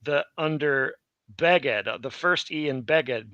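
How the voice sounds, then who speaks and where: A man's voice: fairly high pitch, slow pace, muffled recording, noisy background. A tired man hosting a live online Hebrew lesson and explaining grammar in a rambling way that corrects itself as he goes. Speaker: Hebrew teacher and stream host. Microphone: streaming mic.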